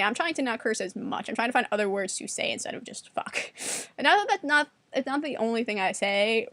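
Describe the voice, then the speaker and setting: Young woman vlogger, fast sarcastic chatter, slightly high voice, dry room. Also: fairly bright tone, no room sound. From New York. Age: 20s. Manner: fast-talking, sarcastic, blunt; acts out quotes in a higher voice. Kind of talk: casual monologue to camera.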